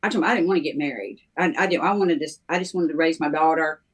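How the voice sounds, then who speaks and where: A middle-aged woman, a minister, telling her life story in a halting, conversational way, with many ums and restarts. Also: sits low, breathy edge. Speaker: guest minister sharing her testimony.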